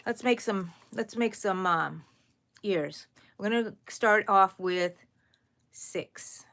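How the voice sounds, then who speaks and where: A woman leads a live crochet session, talking to her viewers in a relaxed, unhurried way. She thinks out loud and counts each stitch as she goes. Her voice sits at an ordinary middle pitch. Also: a little hiss or hum. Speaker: crochet channel host. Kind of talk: live crochet tutorial chat.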